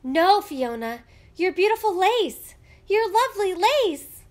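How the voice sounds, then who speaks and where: A woman voicing a frightened little immigrant girl in a storybook, high and tearful. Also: expressive, unhurried.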